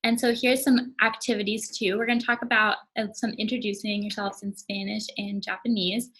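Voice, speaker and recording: Bright-voiced young woman teaching casually. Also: mid-range voice, flat delivery, fairly quick, breathy edge, low-quality recording. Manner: casual, explains words one by one. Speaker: language and culture presenter. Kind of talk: classroom teaching.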